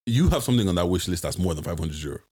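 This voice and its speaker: A man hosting a podcast in slangy, teasing banter. His voice is very deep but swings widely in pitch, and he talks fast with a husky edge. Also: very animated, a little mellow. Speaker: podcast host. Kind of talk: casual chat.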